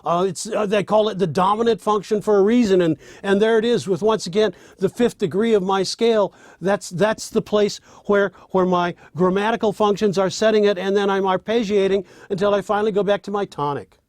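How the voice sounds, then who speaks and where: Man, fairly high-pitched, dry close sound; animated teacher of songwriting who speaks and sings example lines. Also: a little fast, few pauses, no echo. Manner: demonstrates by speaking and singing lines; animated, with restarts. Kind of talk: spoken lesson with sung examples.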